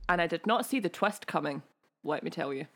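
A woman's voice: lowish voice, expressive, a little fast. A woman co-hosting a podcast in casual chat, gushing and laughing often. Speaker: podcast co-host.

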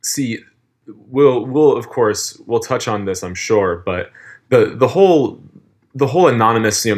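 A man co-hosting a casual podcast, chatty and wry, reacting and adding his own takes. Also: low voice. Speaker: podcast co-host.

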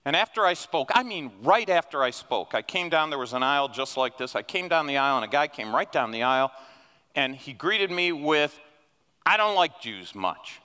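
A man preaching a sermon as a guest speaker, talking through scripture with animated, emphatic peaks. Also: on the high side, a little fast, smooth. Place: church sanctuary. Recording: long hall reverb.

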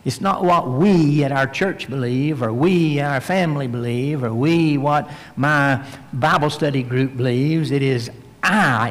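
A man delivers a verse-by-verse sermon into a microphone, reading scripture aloud and pressing each point with emphasis. His voice sits at an ordinary middle pitch for a man. A long reverb trails after his words in the hall. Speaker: preacher.

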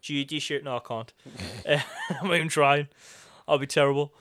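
A man's voice: mid-range voice, normal speed, fairly bright tone, no echo, studio quality. A man with a Geordie accent co-hosting a podcast, chatting casually with joking, sweary, rambling banter. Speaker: podcast co-host. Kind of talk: casual chat.

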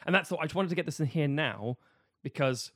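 A man co-hosting a podcast, casually pitching a story and joking with swearing. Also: expressive, fairly bright tone, dry recording, studio quality. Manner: fast, jokey, slips into silly voices for characters. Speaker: podcast co-host pitching a sequel.

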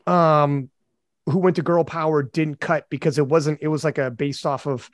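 A man hosting a casual podcast chat, animated and quick with asides. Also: a little high, dry recording, clean studio sound. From Canada. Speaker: podcast host.

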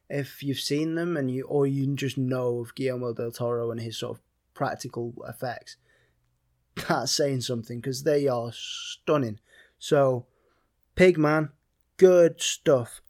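British man, casual reviewer, rambling delivery full of fillers, middle pitch. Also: darkish tone. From Britain. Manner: rambling, chatty, many fillers and restarts. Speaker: film reviewer.

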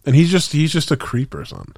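His pitch is a little high and swoops wildly, his pace is brisk, and his tone is slightly mellow. As a podcast co-host, he rambles casually in slangy talk packed with fillers and restarts. Clean studio audio, no echo.

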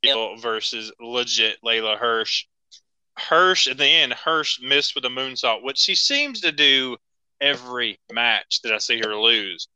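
Man, podcast co-host, bright forceful tone, smooth resonant voice, chatty match recaps. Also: mid-range voice, a little slow, dry recording, poor audio. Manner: chatty, laughs often, play-by-play recaps. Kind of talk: casual chat.

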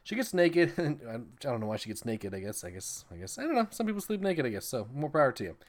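A man's voice: medium pitch, big pitch swings, quick pace. A man hosting a film podcast, retelling scenes in a rambling, profane, casual way with frequent laughs. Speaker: podcast host reviewing films. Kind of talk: casual movie recap.

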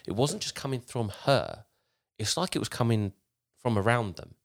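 A man's voice: medium pitch, lively intonation, moderate pace, creaky. A man hosting a podcast, telling a story casually, rambling along with frequent restarts. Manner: rambling, with frequent restarts while retelling a tale.

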